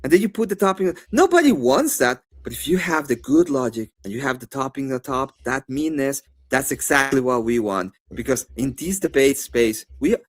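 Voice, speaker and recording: A man's voice: medium pitch, normal speed, hardly any pauses. Rambling man with a Spanish accent. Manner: rambling, animated, full of fillers and restarts. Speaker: debater. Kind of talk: live-stream debate.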